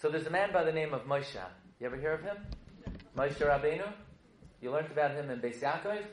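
A man's voice: a little high, expressive, fairly quick, a little hiss or hum. A man teaching a humorous Torah lesson as a rabbi, telling stories, joking and quizzing his listeners. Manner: joking, storytelling, quizzes the audience. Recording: echoey room.

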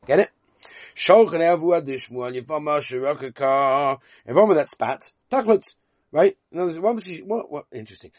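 A man's voice: mid-range voice, breathy edge, dry recording. A man leading a Talmud class, reading the Aramaic text aloud and explaining it in with frequent questions. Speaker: Talmud teacher.

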